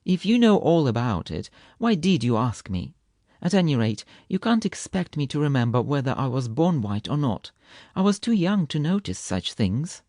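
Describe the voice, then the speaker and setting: A cheeky little male kitten, put on by a male storybook reader, pitched a touch higher and full of lively swoops. He tells tall tales with a proud, easily offended air, in a dry, close recording. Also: normal speed, dry recording. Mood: teasing, indignant. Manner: fanciful, indignant storytelling.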